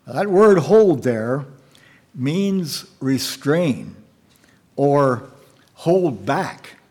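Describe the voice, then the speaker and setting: A man preaching an evening sermon and reading scripture aloud, in a halting way with fillers and repeated words. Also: fairly high pitch, expressive, a little mellow.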